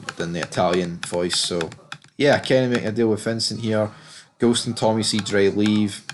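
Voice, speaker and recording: Blunt, lowish-voiced man recapping an episode. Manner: blunt and candid, swears freely; loose and chatty, many fillers. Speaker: TV episode reviewer. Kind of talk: casual spoken episode recap.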